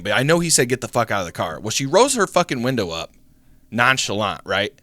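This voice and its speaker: Animated young man telling a story. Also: mid-range voice, fairly quick, no room sound. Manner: animated, swearing, acts out voices in the story. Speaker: podcast co-host. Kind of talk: casual storytelling.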